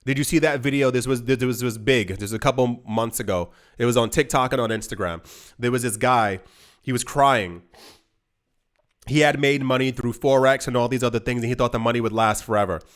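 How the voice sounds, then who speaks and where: A man's voice: mid-range voice, fairly quick. A man hosting an investing channel, talking straight to camera in an emphatic, pleading way, with many restarts as he rambles. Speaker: crypto investing channel host. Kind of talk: casual direct-to-camera monologue.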